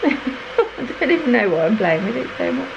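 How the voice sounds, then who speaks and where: A woman's voice: fairly high pitch, very animated, normal speed, gravelly, muffled recording, background noise. A woman filming a casual family vlog at home, chatty and self-mocking, laughing often. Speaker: family vlogger, mother. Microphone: compact camera's built-in mic.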